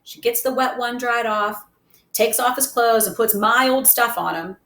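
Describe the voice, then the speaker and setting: A tough street kid with a swaggering, slangy way of talking, bragging and teasing in a bright, high voice, as a woman puts him on. The reading rings in a roomy space. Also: moderate pace. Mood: brash. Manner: slangy, boastful. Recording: roomy echo.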